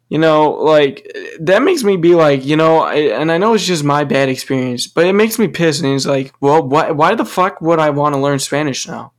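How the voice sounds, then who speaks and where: A young man hosting a solo podcast, talking casually in a rambling, profane rant full of restarts. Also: medium pitch. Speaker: podcast host.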